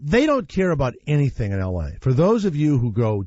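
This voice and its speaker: A man's voice: fairly high pitch, a little fast, few pauses, no echo, dull audio. A man hosting a talk radio show, telling stories in an opinionated, blunt way with some swearing. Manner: opinionated, animated storytelling with blunt profanity. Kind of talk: casual talk radio chat.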